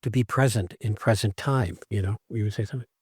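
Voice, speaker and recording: A man's voice: lowish voice, fast talker, husky, no echo, clean studio sound. A man co-hosting a podcast, telling stories in casual conversation and acting out the lines he quotes. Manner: animated storyteller who acts out quoted lines. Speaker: podcast co-host, acting teacher.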